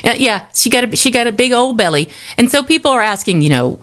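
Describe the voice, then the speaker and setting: A woman's voice: a little high, sing-song, quick pace, a bit bright. Chatty, wry woman radio co-host. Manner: chatty, wry, laughs easily. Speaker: radio morning show co-host. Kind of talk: casual showbiz gossip chat. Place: radio studio.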